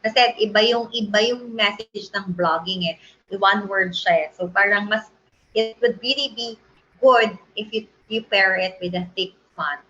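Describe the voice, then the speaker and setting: A woman's voice: medium pitch, normal speed, sharp tone, lo-fi sound. A woman with a Filipino accent, teaching a design tutorial in a chatty way and often checking that listeners agree. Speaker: design instructor. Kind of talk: screen-share tutorial lesson.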